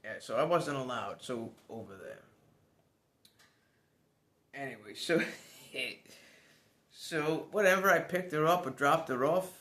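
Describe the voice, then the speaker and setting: A man's voice: a little high, expressive, takes it slowly, pauses often, fairly bright tone. Rambling man telling a story. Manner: rambling, conversational, restarts, chuckles. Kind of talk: casual storytelling.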